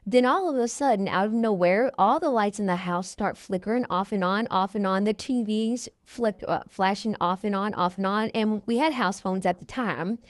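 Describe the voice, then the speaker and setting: A woman's voice: medium pitch, moderate pace, few pauses, no echo, clean studio sound. Woman in her thirties telling a dramatic story. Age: 30s. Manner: animated, dramatic retelling with repetition. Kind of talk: casual spoken storytelling.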